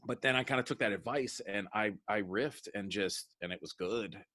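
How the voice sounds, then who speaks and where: A man's voice: on the low side, normal speed, bright, forceful tone. A man in his thirties, a comedian guest, telling rambling stories in a casual interview and acting out the people he quotes. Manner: rambling storyteller, acts out quoted voices.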